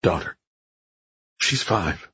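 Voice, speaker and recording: A man's voice: slow pace, pushed and bright, no room sound, dull audio. A man narrating who voices a young police officer, earnest and strained under pressure.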